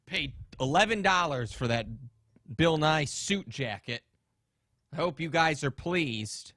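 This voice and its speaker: A man hosting a comedy podcast, talking crudely and profanely in a rapid, ranting way. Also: on the high side, expressive, bright, forceful tone, no echo, clean studio sound. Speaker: podcast host. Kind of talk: casual comedic podcast rant.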